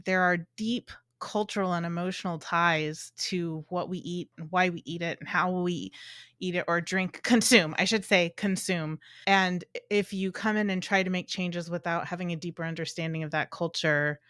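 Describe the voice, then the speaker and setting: A woman host, sharp and bright, talks through a thought in a relaxed way and often restarts her words. Her voice is set low for a woman and sounds dry and close. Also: moderate pace, dry recording. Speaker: podcast host. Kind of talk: casual chat.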